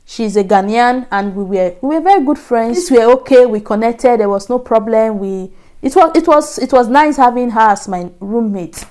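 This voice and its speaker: A young Nigerian woman vlogger tells a personal story to camera, chatty and repetitive with laughing asides. Her voice is on the high side with a darkish tone and lively intonation, at normal speed.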